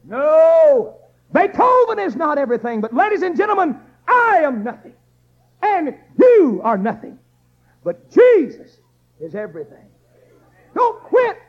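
A man's voice: extremely high pitch, big pitch swings, measured pace. A man preaching an emphatic sermon in a repetitive, rousing cadence. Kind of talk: fiery Baptist sermon. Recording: dull lo-fi church recording.

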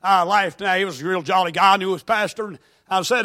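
A man from North Carolina with a Southern accent, preaching a sermon in a folksy storytelling way that breaks into shouting. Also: sits high, quick pace.

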